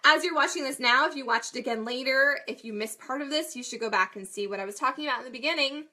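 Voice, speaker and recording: A woman's voice: high-pitched, quick pace, sharp tone. A woman in her thirties, a mom and coach, talking casually to her viewers, chatty and self-deprecating with frequent laughs. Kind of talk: casual talk to camera.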